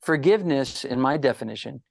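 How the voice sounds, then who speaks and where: Gravelly-voiced middle-aged man telling stories. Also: medium pitch, brisk, dry recording, clean studio sound. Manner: animated storyteller, acts out quoted voices. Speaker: guest psychologist. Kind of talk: storytelling interview answers.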